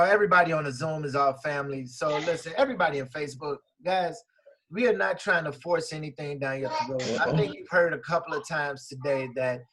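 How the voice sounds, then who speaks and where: A man's voice: a little high, a bit bright. Man hosting a live video call. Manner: friendly, affirming, laughs along. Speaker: host.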